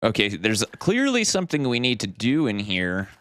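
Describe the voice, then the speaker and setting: A man's voice: on the low side, huge pitch swings, normal speed, a bit bright, a little hiss or hum. A man chatting casually with his viewers during a live game stream, thanking them and thinking aloud as he plays. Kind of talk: casual live-stream chat while gaming. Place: home streaming setup.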